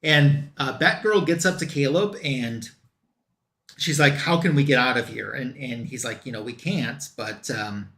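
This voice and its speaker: A man's voice: medium pitch, a little slow, sharp tone, reverberant. A man recapping a comic book story in a loose, run-on way, quoting the characters as he goes.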